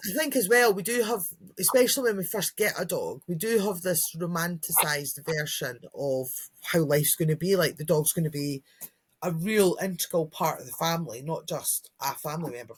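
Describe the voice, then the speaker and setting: A low, slightly rough-voiced woman co-hosts a casual podcast as a dog trainer. She chats away, performing imagined lines from dogs and kids.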